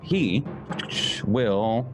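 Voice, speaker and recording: A man's voice: fairly low pitch, lively intonation, extremely slow. A man narrating as game master, laid-back and laughing, humming little sound effects between lines. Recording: music playing behind.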